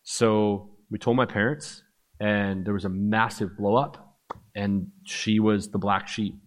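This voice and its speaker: A man with a fairly low voice shares his personal testimony before listeners. He speaks casually, with loose fillers, and slips into the voices of the people he quotes as he tells his story. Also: steady tone, slow. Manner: conversational, filler-heavy storytelling; acts out quoted dialogue.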